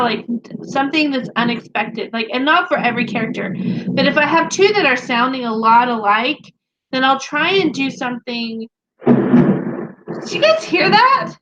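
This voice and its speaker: A woman's voice: a little high, sharp tone, muffled recording, slight background noise. A woman co-hosting a casual chat about writing, talking in a chatty way with many fillers and restarts. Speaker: podcast co-host, author.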